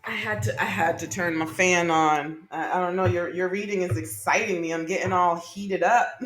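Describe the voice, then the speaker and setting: A woman's voice: fairly low pitch, moderate pace, slight background noise. A woman giving a monthly tarot reading, chatty and enthusiastic, with many fillers and repeated okays. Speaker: tarot reader.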